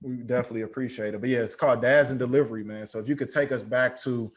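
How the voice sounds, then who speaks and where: A man hosting a podcast, asking questions in a relaxed, friendly conversational manner. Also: mid-range voice, rapid-fire. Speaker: podcast host. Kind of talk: casual interview.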